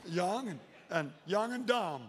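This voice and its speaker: A pastor preaches in a folksy, emphatic manner, his voice pitched a little high. He drops into low, intense tones to press a point. The sound carries a long reverb from the church hall. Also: expressive, slow. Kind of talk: sermon. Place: church sanctuary.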